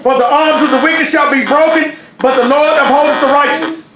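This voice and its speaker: A man's voice: extremely high pitch, fairly even intonation, a little fast, over music. A man reading Bible verses aloud during a church study. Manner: reads verses aloud, answers with short affirmations. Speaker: scripture reader. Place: church sanctuary. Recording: echoey church room.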